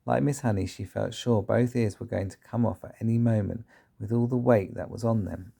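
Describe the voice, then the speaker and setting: A man's voice: on the low side, fairly even intonation, a little fast, creaky, dark tone, husky. A man reading a children's book aloud, sometimes stumbling and correcting himself. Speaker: reader.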